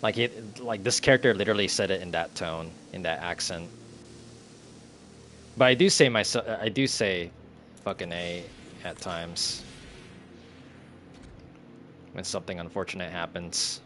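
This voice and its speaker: Low-pitched and a bit bright, this young man's voice moves at a normal speed against a faint hiss or hum. He's a streamer offering casual gameplay commentary, talking to himself, often confused, and swearing under his breath.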